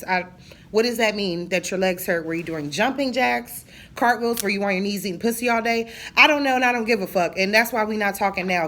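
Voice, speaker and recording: A woman's voice: fairly high pitch, fairly bright tone. A woman in her thirties venting in a casual monologue, blunt and profane, telling her story with jokes. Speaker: vlogger.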